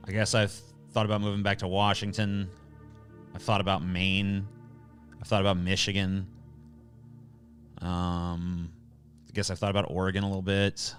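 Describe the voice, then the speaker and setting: Man, livestream host, low voice, blunt, sarcastic, swears a lot, casual chat, faint background music. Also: a bit bright.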